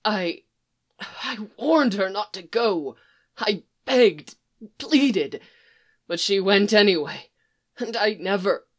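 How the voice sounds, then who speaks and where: A woman voicing a tender-hearted young male faun in a storybook reading, speaking in halting, broken-off phrases. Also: mid-range voice, lively intonation. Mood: anguished.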